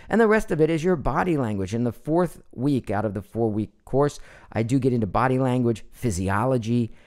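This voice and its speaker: A middle-aged man teaching voice training in a live online session, animated and demonstrating voices as he explains. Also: lowish voice. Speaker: voice coach presenting his online course.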